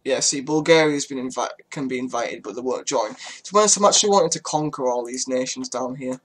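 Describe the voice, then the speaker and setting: With a mid-range, fairly bright voice and a fairly quick pace, a gaming YouTuber chats casually through a strategy game. He curses freely and addresses his units while moving them around.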